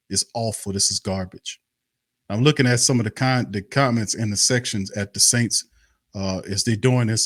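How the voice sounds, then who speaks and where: A man's voice: lowish voice, fairly bright tone, dry recording, studio quality. A man hosting a sports talk livestream, ranting about his team with angry, exasperated, profane talk and lots of repetition. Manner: profane, exasperated, repeats himself. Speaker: sports talk show host.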